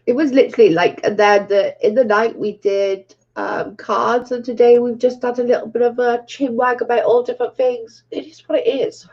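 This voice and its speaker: A woman's voice: a little high, fairly even intonation, moderate pace, few pauses, a little mellow. A woman hosting a casual live stream, chatting with viewers and laughing often. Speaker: livestream host. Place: at home, camera off. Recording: dull lo-fi stream audio.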